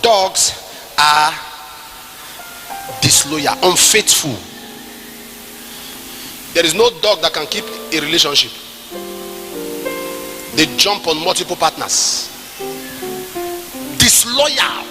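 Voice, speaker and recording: A man with a Nigerian English accent preaching a sermon at a church service, moving between quiet asides and shouted, sing-song passages. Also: fairly high pitch, expressive, takes it slowly, pauses often, in a large hall, music in the background. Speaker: pastor.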